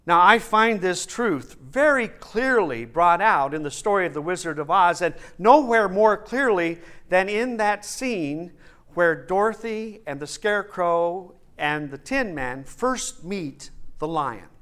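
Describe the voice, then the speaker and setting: A male preacher delivers a sermon slowly and deliberately, restating his main points for emphasis. His voice is bright and slightly high, and his pitch swings widely from phrase to phrase. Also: animated, clean tone. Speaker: minister.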